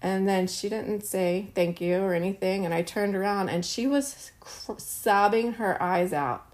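A woman's voice: mid-range voice, measured pace, darkish tone. A middle-aged woman co-hosting a podcast, chatting earnestly and telling stories with lots of fillers. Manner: earnest, storytelling, many fillers. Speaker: podcast co-host. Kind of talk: casual chat.

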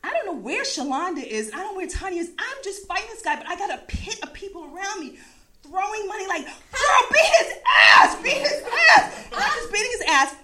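A woman from the East Coast of the USA telling a personal story in a casual, animated way, laughing often and swearing freely. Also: very high-pitched, fast talker.

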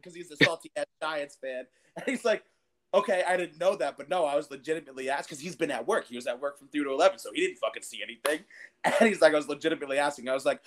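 A man co-hosting a casual sports podcast, with a voice a little higher than most men's. He rants in fast, animated runs, and profanity runs through almost every sentence. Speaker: podcast co-host.

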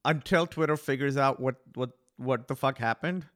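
A man chatting casually as a podcast guest. He talks in an animated, profane way, with laughing asides. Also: medium pitch, moderate pace. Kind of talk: casual chat.

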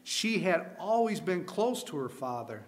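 A man's voice: sits high, very animated, a little slow. A man reading a moral story aloud with earnest expression at a camp meeting.

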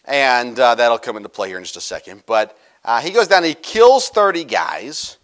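A middle-aged male pastor preaching a sermon in a casual, joking storytelling manner with quick asides. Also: medium pitch, very animated, a bit bright.

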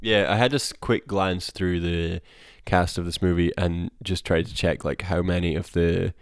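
Man, podcast co-host, deep voice, dry close recording, loose profane chatter. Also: fairly even intonation, normal speed, clear, resonant tone, no room sound. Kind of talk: casual chat. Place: indoor room.

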